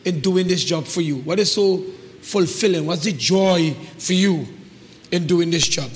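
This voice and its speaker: A man's voice: sits high, measured pace. A man with a Trinidadian accent hosting a live call-in talk show, encouraging and repeating himself. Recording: reverberant studio sound.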